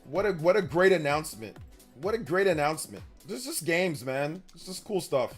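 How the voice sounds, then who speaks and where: A streamer in his thirties reads chat in a slightly high, sing-song voice at a fairly quick clip, faint music behind him. He chats with his audience casually, rambling, slangy, and repetitive.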